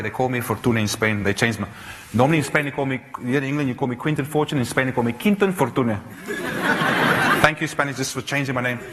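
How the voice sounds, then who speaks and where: A man in his thirties from South Africa, giving an animated storytelling talk on stage, full of restarts and fillers. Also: medium pitch. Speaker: speaker. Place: large auditorium. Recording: reverberant hall, faint noise.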